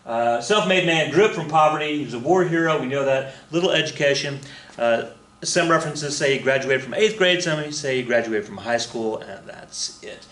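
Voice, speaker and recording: A man's voice: medium pitch, normal speed, a bit bright, echoey room. A man teaching a casual recorded history lesson, chatty and rambling, with lots of fillers, restarts and joking asides.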